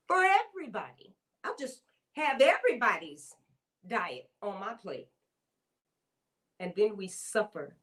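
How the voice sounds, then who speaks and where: Older lady giving a slow passionate rally speech, higher voice, heartfelt, stumbles and repeats herself. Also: low-quality recording. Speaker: guest speaker.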